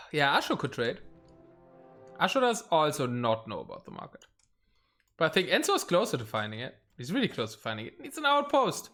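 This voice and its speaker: Casual stream caster, animated delivery, reacts live; desk mic, typing behind. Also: medium pitch, normal speed, pauses often, soft background music. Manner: chatty, thinks aloud, reacts to live play. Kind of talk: live game commentary.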